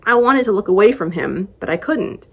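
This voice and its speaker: A woman reads a novel excerpt aloud in the first person. Her voice sits in a middle pitch, and her storytelling is expressive as she narrates the scene. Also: fairly quick. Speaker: book blogger.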